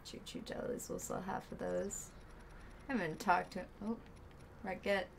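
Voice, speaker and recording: Slow-talking woman streaming a game. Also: lowish voice, steady tone, creaky, background noise. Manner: chatty, muttering asides, scolding a pet. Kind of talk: casual gameplay chat.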